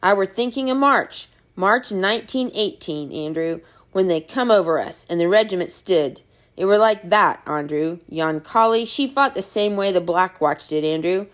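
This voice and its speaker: A woman voicing a quiet, hesitant young Scottish ex-soldier who speaks in a halting, soft-spoken Scottish dialect. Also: medium pitch, lively intonation, close to an everyday voice.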